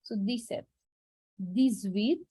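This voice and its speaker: A woman teaching French numbers in an online class, repeating each word slowly and carefully. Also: mid-range voice, mellow, husky. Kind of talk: online language lesson. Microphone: video call.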